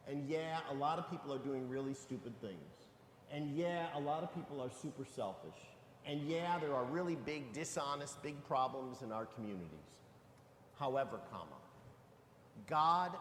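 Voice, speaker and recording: Priest preaching in an echoey church. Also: male voice, on the high side, slight background noise. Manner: lively, emphatic preaching with rhetorical questions. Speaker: pastor. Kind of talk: sermon. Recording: echoey church hall with long reverb.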